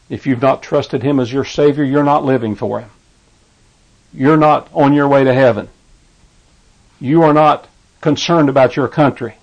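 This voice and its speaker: Male radio preacher, gravelly voice, fervent repetitive delivery, dull lo-fi sound. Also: mid-range voice, darkish tone. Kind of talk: radio sermon.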